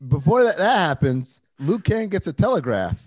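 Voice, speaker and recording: A man in his forties co-hosting a casual movie chat, excitable and laughing often. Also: fairly high pitch, moderate pace, dry recording. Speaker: podcast co-host.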